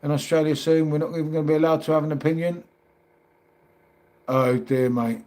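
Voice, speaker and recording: Middle-aged London man, livestream host, chatty and matey, slightly higher voice. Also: fairly even intonation, brisk, dark tone. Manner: chatty, matey, calls everyone mate. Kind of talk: casual live chat reading comments.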